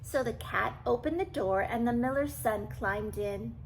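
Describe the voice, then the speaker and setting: An older woman reading a classic storybook aloud to children, animated and stopping for asides to the listener. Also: fairly high pitch, unhurried, slight background noise, poor audio.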